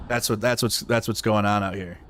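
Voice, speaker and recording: A livestream news host delivers blunt, profanity-laced commentary in a fairly low voice. He talks fairly quickly with fairly even intonation and a fairly bright tone, over a faint hiss or hum.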